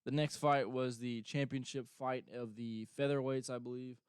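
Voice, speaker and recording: A man's voice: mid-range voice, fairly even intonation, normal speed, clean tone, no echo, studio quality. Young male host, casual rambling chat, filler-heavy, clean voice with no room sound. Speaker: show host.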